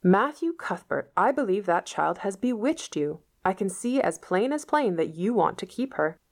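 A woman reading the part of a stern, sharp-tongued middle-aged spinster who speaks curtly and scolds. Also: medium pitch, sing-song, normal speed, voice pushed up. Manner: curt, wrathful, scolding.

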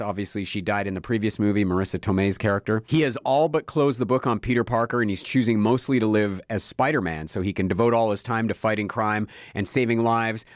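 A man's voice: medium pitch, no echo, studio quality. A middle-aged man co-hosting a casual review segment, talking in an easygoing, enthusiastic way and thinking aloud. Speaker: co-host, reviewer.

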